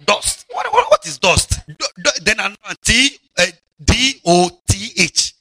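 A man preaching a lively, mocking sermon to children, shouting and drawling words for emphasis. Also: sits high, normal speed, dry recording.

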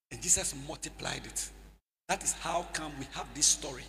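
A man preaching a sermon in a church hall, leading call-and-response and slipping into sing-song shouts. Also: on the high side, moderate pace, slight background noise.

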